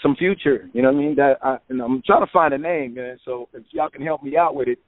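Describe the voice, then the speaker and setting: A man guest telling relaxed stories about making records, filling his talk with "man" and "you know". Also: medium pitch, quick pace, a crowd in the background. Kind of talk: casual interview storytelling. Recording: phone-like narrow sound.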